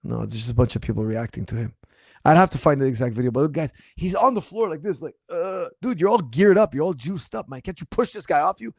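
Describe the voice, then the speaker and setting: A man coaching martial arts who answers viewer questions in a casual livestream, speaking in an animated, incredulous and mocking way, his voice slightly strained. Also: on the high side, fast, gravelly, no echo, studio quality.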